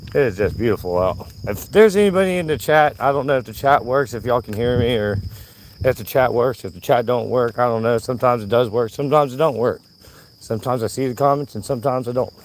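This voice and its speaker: A man chatting to his viewers on a live vlog while walking a trail, his voice hoarse from yelling. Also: medium pitch, fairly quick, slight background noise. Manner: chatty, talks to himself and viewers. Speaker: vlogger. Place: outdoor nature trail.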